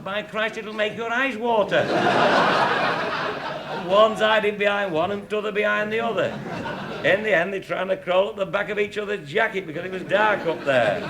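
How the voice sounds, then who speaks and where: A man's voice: high voice, very noisy. A man telling comic anecdotes in a dry, earthy way, swearing casually and chuckling at his own jokes. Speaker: comic storyteller.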